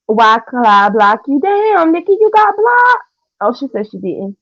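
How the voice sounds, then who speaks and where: A young woman, chatting casually with viewers on a livestream in a sassy, trash-talking way with loud cackling laughs. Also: high voice, very animated, measured pace, dry recording. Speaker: livestream host. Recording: dull lo-fi stream audio.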